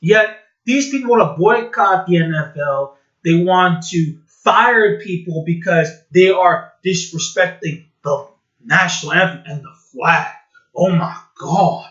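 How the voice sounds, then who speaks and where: Brief: mocking male vlogger, blunt rant, higher voice, slightly muffled sound. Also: a little slow, a bit bright. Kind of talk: sarcastic commentary rant. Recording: dull, roomy home recording.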